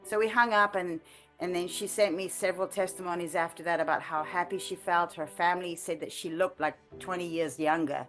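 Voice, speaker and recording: A woman sharing a personal prayer testimony in an earnest, halting way, with frequent restarts and light laughter. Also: on the low side, steady tone, soft background music. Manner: halting, with many restarts and fillers. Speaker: ministry trainee sharing a testimony. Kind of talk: conversational testimony.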